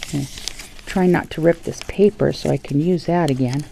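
A woman with a deep, gravelly voice speaks at a moderate pace against a noisy background while opening craft gift packages on camera. Seated at her home dining table for a casual vlog, she gasps, gushes, and frequently drops to a hushed whisper.

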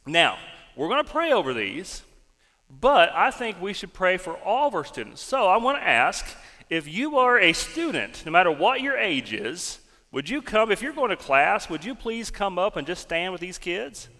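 A man's voice: high voice, normal speed, big-room sound. A male pastor giving a folksy children's sermon and prayer in a church sanctuary. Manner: animated storytelling, folksy.

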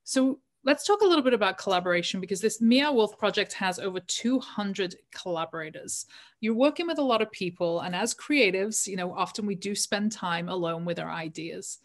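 A woman's voice: medium pitch, expressive, brisk, dry recording. A woman hosting a casual interview, chatty and often checking for agreement. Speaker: podcast host.

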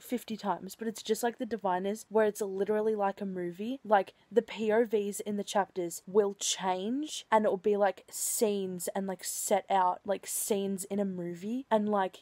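Excitable young woman reading vlogger. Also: medium pitch, no echo. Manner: excitable, says "like" a lot. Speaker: book vlogger. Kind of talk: casual reading vlog. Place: at home late at night.

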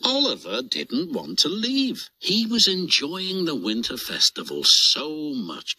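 A British man narrating a children's storybook with a lively, expressive reading voice. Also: fairly high pitch, slow, hardly any pauses, husky.

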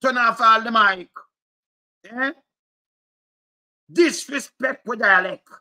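Jamaican guy going off on a rant, high voice, super sharp and tense, keeps repeating himself in patois. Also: slow pace. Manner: animated, repetitive, mixes Patois and English. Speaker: commentator. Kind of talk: heated commentary rant.

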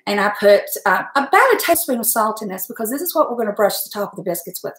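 A middle-aged woman, hosting a casual cooking stream from her home kitchen, folksy and chatty, laughing often and talking fast from nerves. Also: mid-range voice, sing-song, a bit bright. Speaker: home cook and channel host. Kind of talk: casual cooking livestream chat. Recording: echoey kitchen room.

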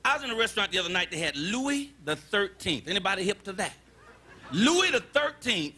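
A man doing a live stand-up set, loud and animated, repeating his punchlines and phrases for effect. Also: high voice. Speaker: stand-up comedian. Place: comedy stage with live audience.

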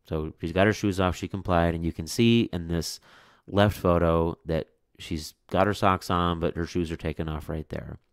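A man with a low voice reads a picture book aloud and stops for chatty, casual commentary. The recording is dry and close, with no room sound. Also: fairly even intonation, moderate pace, clean tone, no echo. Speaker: book reviewer and reader.

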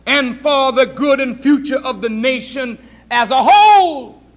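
A man preaching a sermon lecture as minister, shouting for emphasis and acting out the voices of others. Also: extremely high pitch, measured pace. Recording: 1980s lecture hall recording.

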